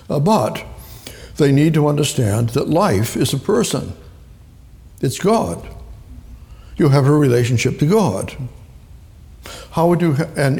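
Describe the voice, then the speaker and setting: A man preaches in a rambling, emphatic way, circling back and repeating words to drive them home. His voice is gravelly, set at a middle pitch. It rings out with a long hall reverb. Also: darkish tone. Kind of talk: sermon.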